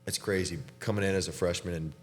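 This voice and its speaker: A man's voice: low-pitched, steady tone, quick pace, a little hiss or hum. A young man hosting a casual chat with a teammate, laid-back and chatty, laughing often and saying "dude" a lot. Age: young adult. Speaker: podcast host and college basketball player.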